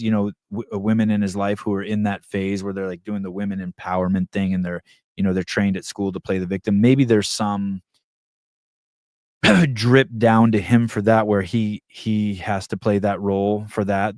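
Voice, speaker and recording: A man hosts a live podcast in a loose, rambling way, swearing freely and thinking aloud as he reads the chat. His voice sits on the low side, and the sound is dry and close, with no room echo. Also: darkish tone. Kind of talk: casual livestream chat.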